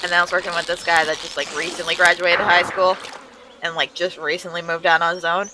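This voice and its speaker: A woman's voice: on the low side, fast talker, slight background noise, low-quality recording. A young woman streamer in casual chat, swearing freely and slipping into silly voices. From an island. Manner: animated, swears a lot, slips into silly voices. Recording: music playing behind the voice.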